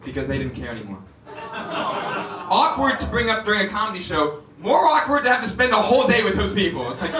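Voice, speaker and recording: Young male stand-up, lively high voice, acts out voices, mic distant in a club with an audience. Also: fairly quick. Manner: animated storytelling with acted-out voices. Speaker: stand-up comedian. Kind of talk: stand-up comedy set. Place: comedy club stage. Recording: roomy club, distant mic, crowd laughter.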